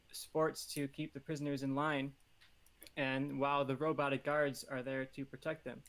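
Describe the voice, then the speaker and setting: A man pitching a movie idea on a comedy podcast, rambling and joking with many fillers. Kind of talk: casual comedic podcast chat.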